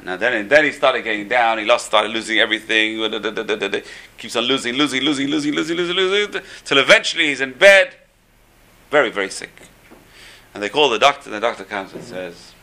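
A man's voice: mid-range voice, lively intonation, quick pace, sharp tone. A man giving a storytelling religious class, repeating phrases for emphasis.

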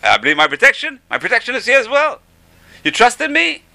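Man doing God, a reassuring male divine voice, gravelly and bright, told within a religious class. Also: extremely high pitch, huge pitch swings, fast, pitched above the performer's own voice, exaggerated voice. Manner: reassuring, promising.

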